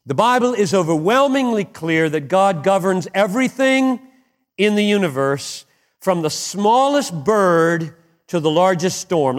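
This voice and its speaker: A man delivers a sermon, slow and deliberate, with a fairly high voice. He sinks to near whispers, then surges upward to fervent, emphatic peaks. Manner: impassioned, swings from hushed to soaring emphatic peaks. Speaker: pastor.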